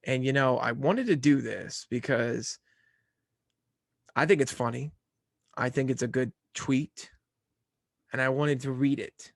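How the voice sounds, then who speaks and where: A man's voice: mid-range voice, a little slow, gravelly, pauses often, no echo, studio quality. A young man hosting a casual sports podcast, talking in an easygoing, rambling way. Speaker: podcast host.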